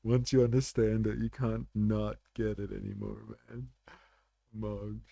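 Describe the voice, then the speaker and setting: A man's voice: lowish voice, level tone, a little slow, gravelly, warm tone, no room sound. A man hosting a livestream, reacting to chat in a laid-back, rambling way with swearing and fillers. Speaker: livestream host.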